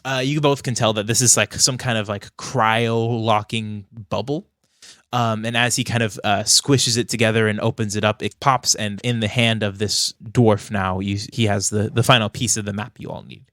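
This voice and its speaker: A man's voice: lowish voice, steady tone, normal speed, fairly bright tone, no room sound, clean studio sound. A man narrating as game master of a tabletop game, casual with lots of fillers. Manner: loose, casual with many fillers.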